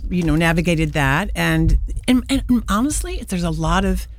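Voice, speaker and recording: A woman's voice: fairly low pitch, expressive, moderate pace, a little hiss or hum. An older woman, an actress and playwright, speaking earnestly and reflectively in a radio interview. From United States. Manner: earnest, reflective, with frequent restarts. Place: radio studio.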